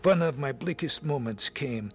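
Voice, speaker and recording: Earnest gravelly male radio-drama narrator. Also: medium pitch, expressive, normal speed, faint music behind. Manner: earnest, heartfelt. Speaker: narrator and lead actor.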